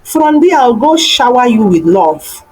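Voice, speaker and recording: A woman voicing a tender young man courting in an animated folktale, talking earnestly and gently. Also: fairly high pitch, a little slow, breathy edge, heavily acted, low-quality recording. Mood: cheerful.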